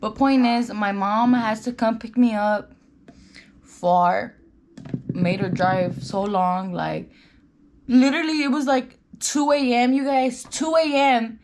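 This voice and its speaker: Chatty young woman with roots, high voice. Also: steady tone, slow, darkish tone, a little hiss or hum. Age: young adult. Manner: chatty, filler-heavy, "like" and "you guys". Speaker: vlogger. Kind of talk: storytime while doing makeup. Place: indoors at home.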